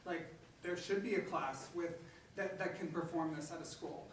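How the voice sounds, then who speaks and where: A man's voice: fairly high pitch, normal speed. A man who teaches theater, talking casually and rambling, often repeating himself. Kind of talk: casual chat. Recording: echoey distant noisy room mic.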